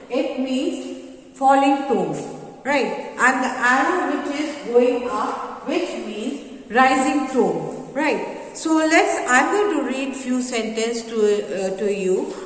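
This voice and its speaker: A woman teacher explaining a lesson to children, slow and halting with many fillers. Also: sits high, fairly bright tone. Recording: echoey room, voice from a distance.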